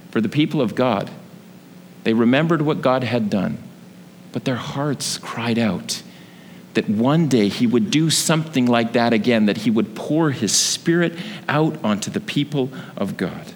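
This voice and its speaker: A man preaching a sermon, telling a vivid story that swells with excitement. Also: fairly low pitch, moderate pace, slight background noise. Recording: long hall reverb with faint ambience.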